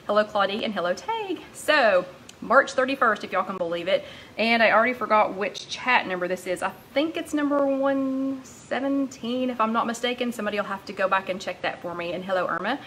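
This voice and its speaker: A woman hosting a casual live-stream chat, rambling warmly along and greeting viewers by name, a little out of breath. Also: a little high, slight background noise, low-quality recording. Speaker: host of a live weight-loss chat.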